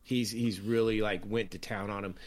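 A man's voice: lowish voice, steady tone, moderate pace. A man co-hosting a casual chat about a TV series, telling stories animatedly with many restarts. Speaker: podcast co-host.

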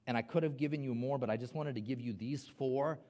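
A man preaching a sermon as a pastor, with impassioned emphasis, slowed key phrases and stammered restarts. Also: mid-range voice, a little mellow.

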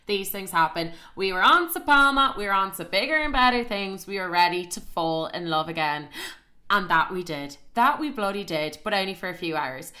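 Young woman, storyteller. Animated, sweary, slightly low, bright forceful tone. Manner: animated, sweary, heavy use of "like". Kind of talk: casual storytime monologue.

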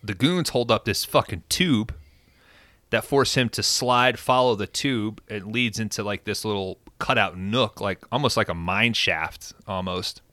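Male podcast host, low and bright, animated profane storyteller, dry sound. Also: a little slow, no room sound. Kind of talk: casual film recap.

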